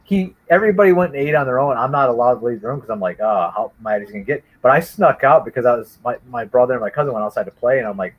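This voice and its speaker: Guy telling an old story, lots of restarts, chatty, mid-pitched. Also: very fast, few pauses, narrow, tinny audio. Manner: rambling animated storytelling with many restarts. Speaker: guest storyteller. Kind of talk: casual chat.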